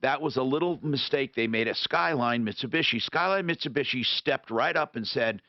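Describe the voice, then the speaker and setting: A man hosting a call-in radio talk show, rambling and thinking out loud with frequent restarts. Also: mid-range voice, normal speed, vocal fry, dry recording. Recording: dull lo-fi radio broadcast.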